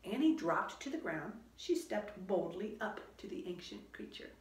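A woman reading a children's storybook aloud in a slow, expressive storytelling manner. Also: medium pitch. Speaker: children's book reader. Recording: roomy echo.

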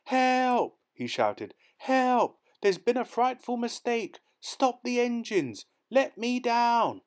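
A male narrator voicing a naive young gentleman who shouts and pleads in terror in an audiobook. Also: lowish voice, steady tone, moderate pace, natural voice. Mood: panicked shouting. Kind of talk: audiobook character voice.

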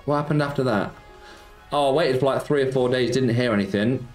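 Brisk and mid-range, his voice carries a relaxed slots live stream as he banters with viewers. He reads the chat aloud and responds, using "mate" a lot. The recording has a roomy echo with background music.

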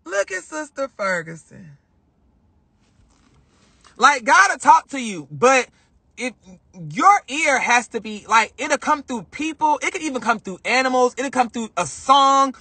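A man with a high, very lively voice talks casually on a livestream, leaning on repeated phrases for emphasis. His tone is bright with a husky edge. The sound is dry and close. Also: moderate pace, no echo. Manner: animated, spiritual storytelling. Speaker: vlogger.

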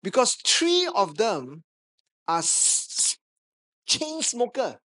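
A man with a Malaysian English accent, preaching a sermon as a pastor, telling a lively anecdote with touches of humor. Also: sits high, slow pace. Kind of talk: sermon storytelling. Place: church stage.

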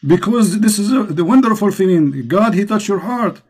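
A man with an Arabic accent preaches to a caller, pressing his points again and again with fervour. His voice sits a little high for a man. He hosts the show and speaks straight to the listener. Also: expressive, normal speed, darkish tone, breathy edge. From Middle East. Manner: impassioned, repetitive preaching. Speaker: host.

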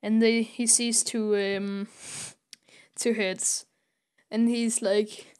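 A woman's voice: mid-range voice, level tone, slow pace, darkish tone, clear, resonant tone. A young woman co-hosting a podcast, retelling a comic story with many ums and little laughs, acting out the characters' lines. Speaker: podcast co-host.

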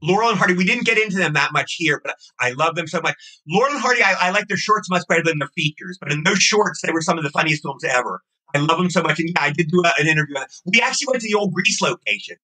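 A man's voice: on the high side, lively intonation, fast, bright, forceful tone, poor audio. A man guest on a podcast, chatting casually in a rambling, effusive way that circles back and repeats itself. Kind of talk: casual chat.

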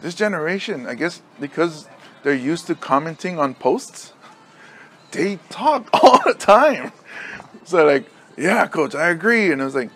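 A middle-aged man from Hawaii chats on a podcast with a somewhat high, very animated voice that rises and falls freely. He rambles, laughs often and acts out blunt lines loudly. Faint background noise sits under the recording. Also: unhurried. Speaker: podcast co-host, high school football coach. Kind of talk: casual chat.

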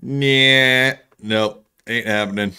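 A man's voice: medium pitch, fairly even intonation, takes it slowly, pushed and bright, clean tone. A man calling into a stream, angrily confronting another caller. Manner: confrontational, accusing. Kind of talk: heated call-in argument.

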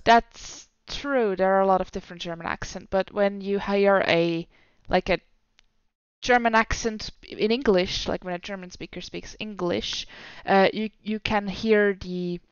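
A woman's voice: medium pitch, steady tone, measured pace, clean tone, dry recording. A woman from Switzerland with a Swiss accent, chatting and explaining with restarts in a voice chat. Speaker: voice chat participant. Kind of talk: casual voice chat. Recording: dry, slightly dull voice chat mic.

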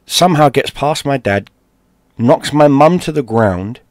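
A man from London, a gaming streamer, telling a personal story in a lively, profane way. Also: medium pitch, measured pace, no room sound, clean studio sound. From London, England. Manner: animated, profane, acts out shouted quotes.

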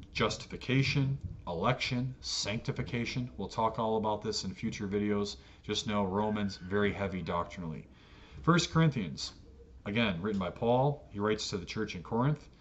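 An American man teaching an adult catechesis lesson on the Bible in a relaxed, conversational way, with fillers and self-corrections. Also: fairly low pitch. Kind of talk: Bible study lecture. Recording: dull lo-fi audio with faint noise.

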